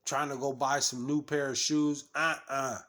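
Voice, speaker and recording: A man's voice: medium pitch, flat delivery, unhurried, fairly bright tone. A man preaching, reading scripture and commenting on it in a scolding, repetitive way, stumbling over restarts and fillers.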